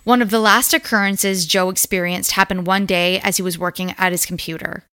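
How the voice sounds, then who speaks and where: Woman podcast host, bright tone, casual storyteller who swears freely. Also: lowish voice, fairly even intonation, a little fast, smooth.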